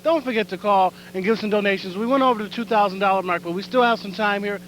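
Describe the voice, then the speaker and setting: A man's voice: high-pitched, quick pace, fairly bright tone, rough recording. A man joking around on a live overnight telethon, loose and swearing, heard on an old TV recording. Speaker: telethon participant eating cereal. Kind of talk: joking live broadcast banter. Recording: old live TV tape with faint noise.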